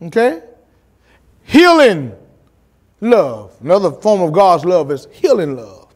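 Lively preaching pastor, high voice. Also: male voice. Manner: preachy, dramatic pauses, acts out quotes, colloquial asides. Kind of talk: Bible study sermon. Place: church.

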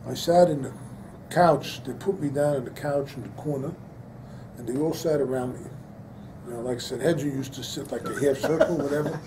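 Speaking at a normal speed in a mid-range voice over a noisy background, an older man leads a Torah lecture as a rabbi. He shares something from his own life, then preaches with mounting emphasis, sprinkling in Hebrew and Yiddish-flavored words.

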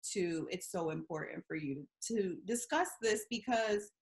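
A woman's voice: lowish voice, unhurried. A woman hosting an interview, supportive and summing up her guest's feelings. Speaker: interview host. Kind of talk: interview chat.

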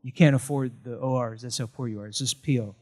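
Emphatic pastor with a lilt. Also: male voice, medium pitch, steady tone, fast, a little mellow. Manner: emphatic, punchy repetition with jokes. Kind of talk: sermon.

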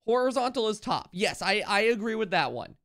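A man streaming a video game live, thinking out loud and repeating himself, with sudden excited outbursts. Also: sits high, a little fast. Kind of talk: live gameplay commentary.

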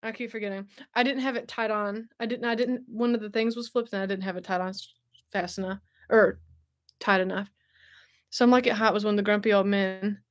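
A woman's voice: medium pitch, steady tone, brisk. A young woman hosting a casual livestream, bubbly and chatty, laughing often and answering viewers. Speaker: host.

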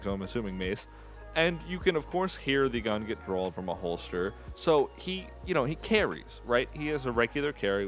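A young man giving angry, profane commentary on a video clip, exasperated and ranting. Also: medium pitch. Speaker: commentary YouTuber.

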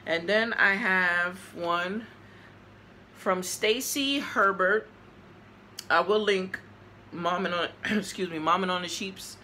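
A chatty woman with a New York accent talks to her viewers while opening mail, gushing over each card. Her voice is bright and forward. A faint background hum sits under it. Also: lowish voice, slow, pauses often. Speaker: vlogger. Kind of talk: casual mail-opening vlog.

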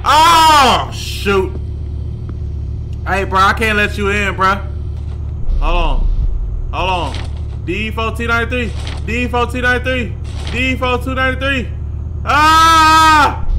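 A young man playing a horror game on a desk mic, jumpy and yelling in slang. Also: very high voice, a little slow, slight background noise. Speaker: gaming YouTuber. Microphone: desk microphone.

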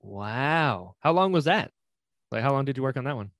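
A man hosting a podcast interview in a casual, enthusiastic way. His pitch moves around a lot, and he reacts quickly to his guest. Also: expressive, a bit bright. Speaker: podcast host.

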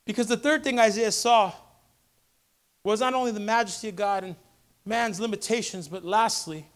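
A man with a very high voice preaches to his congregation. He repeats lines in call-and-response fashion and swells to shouted peaks, speaking from a church service. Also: moderate pace. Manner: impassioned preaching that builds to shouted crescendos; repetitive call-and-response rhetoric. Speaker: pastor. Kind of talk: sermon.

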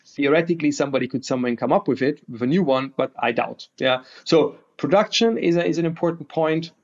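A man, a guest investor, talking with energetic optimism and slightly non-native phrasing, heard over a video call. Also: a little high, fairly quick. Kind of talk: enthusiastic interview talk. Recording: dull lo-fi remote audio.

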